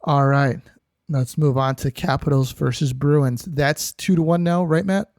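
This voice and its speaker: A man hosts a hockey chat and steers it along with quick questions. His voice sits a little higher than usual for a man. The recording is dry and close. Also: steady tone, darkish tone, no echo. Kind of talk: casual sports chat.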